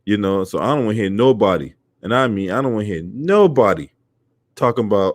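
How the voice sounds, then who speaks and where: A man with a low-pitched voice and hosts a casual commentary stream. He talks loosely, swears freely and fills his sentences with "um" and "you know." He calls out to viewers in his chat as he goes. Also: animated, a little fast. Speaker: host of a sports and politics channel.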